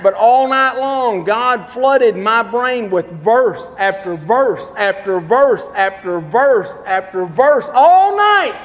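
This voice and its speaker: A man's voice: very high voice, fairly bright tone. A pastor preaching a sermon in a church, emphatic and repetitive as he tells stories and drives his points home. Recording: long hall reverb.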